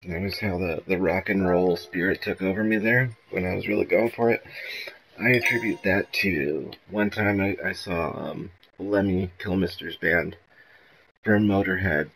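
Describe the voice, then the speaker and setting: Slow-talking man on a gaming vlog. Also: low voice, a bit bright, slight background noise, rough recording. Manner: rambling, profane, self-mocking. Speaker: gaming video host. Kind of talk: casual gameplay commentary.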